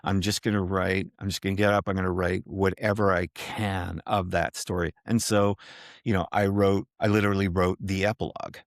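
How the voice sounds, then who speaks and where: Deep-voiced male author, animated storyteller, dry close mic. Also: fairly quick, dry recording. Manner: animated storytelling, many restarts. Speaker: author guest. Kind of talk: casual interview talk.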